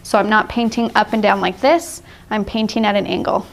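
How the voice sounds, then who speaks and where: A woman's voice: medium pitch, steady tone, brisk, gravelly. A woman teaching a live watercolor painting class, explaining steps patiently and laughing often. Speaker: art instructor.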